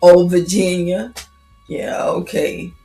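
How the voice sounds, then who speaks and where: A woman's voice: fairly low pitch, level tone, slow pace, gravelly, mellow, reverberant, faint music behind, low-quality recording. A woman in her fifties chatting casually on a livestream, greeting viewers by name. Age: 50s. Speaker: livestream host.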